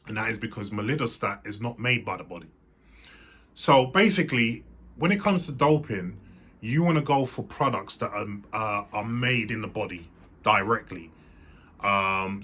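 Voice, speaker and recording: A man's voice: lowish voice, pushed and bright, breathy edge. A man hosting his own channel, explaining a topic in a casual, meandering monologue full of fillers and restarts. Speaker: host.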